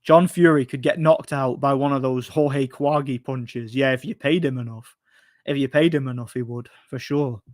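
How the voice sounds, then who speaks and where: A man's voice: mid-range voice, no room sound, studio quality. A man hosting a casual chat show, answering viewer questions in a rambling, opinionated way with many restarts.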